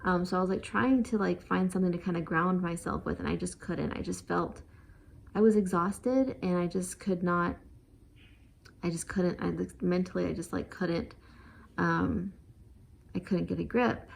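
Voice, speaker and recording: A woman's voice: lowish voice, steady tone, moderate pace, creaky, slight background noise. A young adult woman vlogger telling a personal story in a casual, emotional, rambling way, full of fillers and quoted thoughts.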